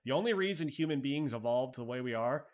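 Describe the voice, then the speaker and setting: A man's voice: medium pitch, animated, brisk, darkish tone, lo-fi sound. A man hosting a live stream, chatting loosely and thinking aloud while answering viewer messages, with casual swearing. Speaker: livestream host.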